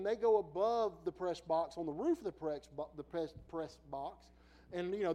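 A middle-aged man preaches with a strikingly high voice for a man. He tells personal stories with lots of laughter and drops to quiet asides before rising into loud bursts. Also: poor audio. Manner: lively storyteller who laughs often and swings from quiet asides to loud bursts. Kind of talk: sermon with personal storytelling.

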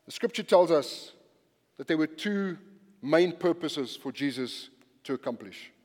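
A male pastor preaching a sermon, animated and emphatic, repeating phrases and swinging from quiet to loud. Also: a little high, unhurried, in a large hall.

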